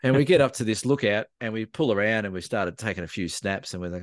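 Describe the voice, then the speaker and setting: Lively Australian man telling a story. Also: lowish voice, fast talker, dry recording. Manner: lively, animated anecdote telling. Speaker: podcast co-host. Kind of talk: casual chat, storytelling.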